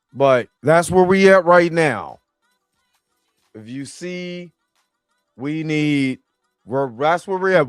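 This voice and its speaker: A man with a fairly high voice hosts a casual live stream and talks straight to his chat. He is animated and loose. The sound is dry and close, with soft music under him. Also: clear, resonant tone, no echo.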